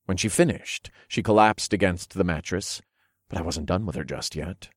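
A man narrating an erotic story in the first person, in a low, hushed, unhurried way, recorded close and dry. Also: dry recording.

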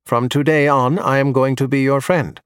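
A man's voice: medium pitch, fairly even intonation, normal speed, clear, resonant tone, no echo, clean studio sound, close to an everyday voice. A man voicing a friendly male robot that minds two small children, speaking in a simple, cheerful way. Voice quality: tinny.

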